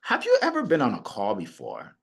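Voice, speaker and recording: A middle-aged man coaching on sales, talking in an animated way and acting out his prospects. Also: mid-range voice, a little fast, vocal fry, husky. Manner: animated, acts out clients and prospects in quoted voices. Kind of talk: motivational sales talk.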